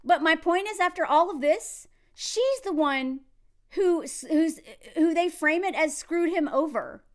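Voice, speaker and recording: A woman talks through a film scene in casual commentary, sarcastic and openly exasperated. Her voice sits high. Her delivery swings widely up and down in pitch. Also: expressive, a little slow.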